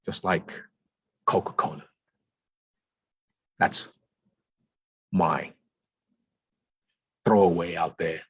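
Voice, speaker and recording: Male guest speaker, low husky voice, emphatic and insistent, dry close sound. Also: steady tone, drawn-out words, pauses often, fairly bright tone, dry recording. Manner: emphatic, repeats words for stress. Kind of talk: conversational talk. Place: lounge.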